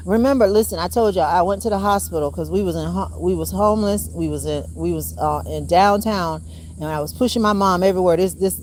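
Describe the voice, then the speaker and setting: A woman's voice: mid-range voice, a little mellow, slight background noise. A woman vlogging in a casual monologue, rambling and emphatic, swearing often and calling her viewers y'all. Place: rented home.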